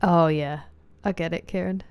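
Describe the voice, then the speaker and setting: A woman's voice: on the low side, steady tone, normal speed, smooth, dry recording, lo-fi sound. A woman from southeast England with a southeast English accent, chatting casually with live viewers while streaming a game and greeting them by name.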